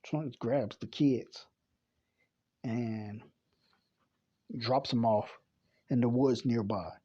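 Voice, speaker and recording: A man reading a comic chapter aloud in a plain, unhurried way, correcting himself as he goes. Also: mid-range voice, fairly even intonation, dark tone, lo-fi sound. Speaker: comic reader.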